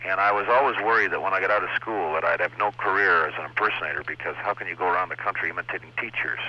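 A man's voice: deep voice, very fast. A man from Canada, an impressionist telling chatty stories about his early years in an interview. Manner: chatty, laughing storyteller who slips into voices. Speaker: impressionist guest. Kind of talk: anecdotal interview chat. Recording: lo-fi radio recording.

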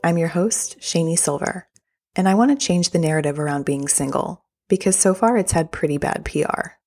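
A woman's voice: fairly low pitch, creaky, warm tone, slightly rough. A woman hosting a podcast, talking in an upbeat, gushing way with the odd filler word. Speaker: podcast host. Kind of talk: casual podcast monologue.

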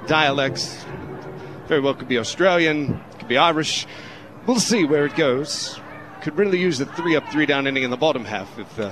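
A man calling a baseball game on the radio in a playful, mock-formal, put-on English accent. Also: mid-range voice. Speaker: radio play-by-play announcer. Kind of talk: baseball play-by-play commentary. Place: radio broadcast booth.

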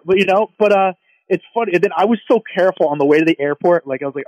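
A high-voiced man rattles through an excited anecdote at speed, gushing over every detail. The recording is dry and a little dull, like a lo-fi podcast mic. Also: quick pace, dry recording. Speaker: podcast co-host. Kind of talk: casual chat, storytelling.

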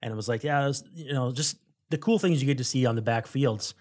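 Podcast co-host, male, digressive casual sports talk, mid-pitched voice. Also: quick pace, darkish tone. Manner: rambling, digressive, self-correcting.

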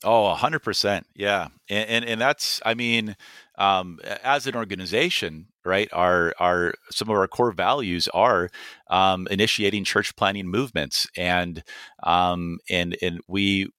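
Low, bright-toned man telling stories. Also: measured pace, no room sound, clean studio sound. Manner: earnest, many restarts and quoted dialogue. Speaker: missionary guest. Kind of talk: storytelling in a podcast interview.

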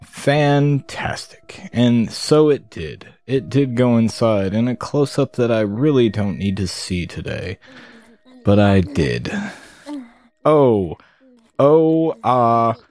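Woman, low voice, slow, dry sarcastic game commentary, exasperated. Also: animated, mellow. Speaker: game streamer.

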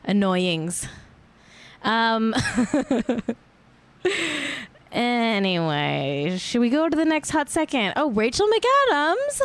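Young woman, American, podcast co-host, casual gossip, very animated pitch, playful. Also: very slow, pauses often. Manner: playful, bursts into squealy highs, swears. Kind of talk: casual celebrity gossip chat.

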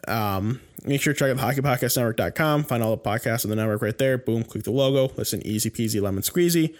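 A man's voice: medium pitch, quick pace. A man co-hosting a sports podcast in casual chat, rambling and heated, with many restarts and fillers. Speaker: podcast co-host.

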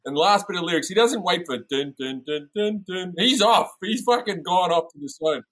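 A man telling an anecdote in a casual podcast chat, animated and swearing freely. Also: sits high, moderate pace, low-quality recording. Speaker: guest comedian. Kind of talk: casual storytelling.

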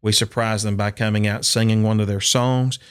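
Animated man telling a story. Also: on the low side, moderate pace, smooth. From Upper Cumberland, Tennessee. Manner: animated storyteller acting out quotes. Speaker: country and bluegrass singer, guest. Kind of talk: storytelling interview.

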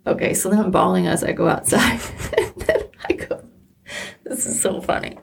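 A woman's voice: mid-range voice, very animated, moderate pace, gravelly, husky. A middle-aged woman co-hosting a podcast, telling personal stories candidly and with emotion. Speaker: podcast co-host. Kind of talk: casual chat.

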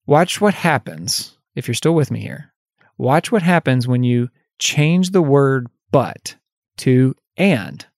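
A man's voice: mid-range voice, animated, takes it slowly, no room sound, clean studio sound. A male life coach hosting a solo podcast, talking candidly and conversationally, laughing at himself and lifting his voice when he acts out example phrases.

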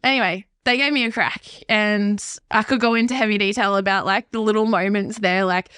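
A young woman, a podcast guest telling a candid, animated personal story. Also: mid-range voice, a little fast, clear, resonant tone, dry recording. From Australia.

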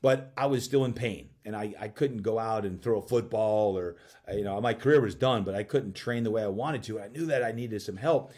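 Husky-voiced man telling a story. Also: fairly low pitch, a little mellow. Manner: acts out dialogue in quick voices. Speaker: athletic performance coach, podcast guest. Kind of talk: animated personal storytelling.

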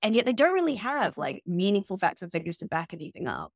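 Brief: NZ-woman podcast co-host, lively swinging intonation, conversational and reflective, dry close mic. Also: medium pitch, fast, vocal fry, no echo. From New Zealand. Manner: animated, thoughtful, frequent "like" and "right?". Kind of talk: casual conversational podcast discussion.

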